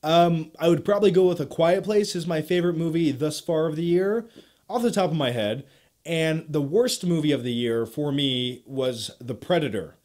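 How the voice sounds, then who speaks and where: A man's voice: a little high, moderate pace, darkish tone. A man hosting a casual movie Q&A vlog, chatty and upbeat with self-deprecating asides. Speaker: YouTube movie reviewer host.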